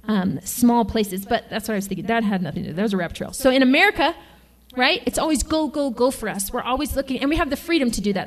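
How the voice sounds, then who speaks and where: A woman teaching a sermon at a women's retreat, talking in a chatty, animated way and acting out quoted voices. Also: fairly high pitch. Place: lodge meeting room.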